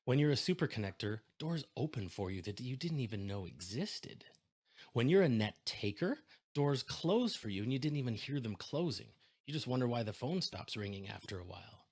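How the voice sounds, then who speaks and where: A man on stage telling a story with lots of energy, jumping between characters and pitching his voice up to act out each side of a conversation. His voice sits in the middle range for a man. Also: moderate pace. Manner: animated storyteller, acts out both sides of phone calls. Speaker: keynote speaker. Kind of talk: storytelling keynote speech.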